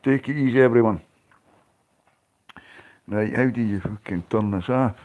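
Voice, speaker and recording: A man's voice: mid-range voice, moderate pace, phone-quality sound. Rambling Scottish man on a livestream. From Scotland. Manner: rambling, swearing, laughs often. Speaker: livestream host. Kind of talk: casual chat to live viewers.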